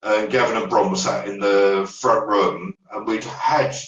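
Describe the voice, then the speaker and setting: A man's voice: fairly even intonation, measured pace, fairly bright tone, lo-fi sound. A man, telling ghost stories in a rambling podcast chat, trailing off and restarting. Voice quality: deep voice. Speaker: paranormal investigator guest. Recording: echoey room, far from the mic.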